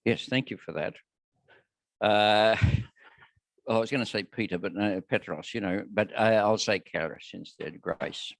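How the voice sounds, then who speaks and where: An older man answers questions as a guest speaker, his low voice dry and close on a handheld mic. He tells self-deprecating stories in a wry, easy way. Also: measured pace, creaky, no room sound. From Australia. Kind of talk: casual Q&A with anecdotes. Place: city lunchtime meeting room. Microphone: shared handheld mic.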